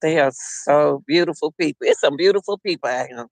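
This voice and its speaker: A man's voice: fairly high pitch, a little fast, vocal fry, no echo. A middle-aged man hosting a casual livestream, rambling and chatting directly to his viewers. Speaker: livestream host.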